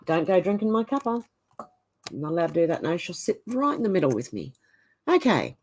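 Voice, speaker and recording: A woman's voice: fairly low pitch, sing-song, normal speed. A woman with an Australian accent hosts a livestream and reads viewer comments aloud, answering them in a casual, chatty way. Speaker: livestream host.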